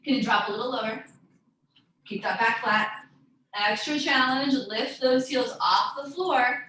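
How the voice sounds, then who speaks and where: A woman's voice: fairly high pitch, a little slow, pushed and bright. A woman teaching a live yoga class, giving encouraging cues and calling out students by name. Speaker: yoga instructor. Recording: very echoey room, voice far from mic, faint background noise.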